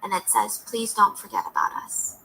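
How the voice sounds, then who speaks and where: A woman's voice: medium pitch, big pitch swings, normal speed, gravelly, pushed and bright, a little hiss or hum, poor audio. A woman hosting a news podcast, speaking earnestly with frequent filler words, heard as a clip played through a stream. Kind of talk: scripted news commentary.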